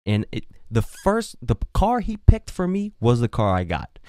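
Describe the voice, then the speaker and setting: A young man tells a casual podcast story with a lively, swinging voice that leaps up for emphasis. He swears freely and rambles along. The sound is dry and close on the mic. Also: a little slow, no echo. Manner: animated, swearing, swinging pitch. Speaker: podcast host. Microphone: podcast microphone.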